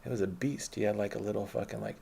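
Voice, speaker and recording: Male storyteller, low and dark-toned, casual and profane, meanders and corrects himself mid-sentence. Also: steady tone, fast talker, gravelly, a little hiss or hum. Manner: rambling, profane, self-correcting.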